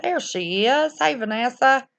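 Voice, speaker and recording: A woman's voice: sits high, expressive, measured pace, vocal fry, a bit bright. A woman hosts a casual livestream, rambling and reacting aloud to viewer comments. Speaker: livestream host reading viewer chat. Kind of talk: casual live-stream chat. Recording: slightly dull lo-fi sound.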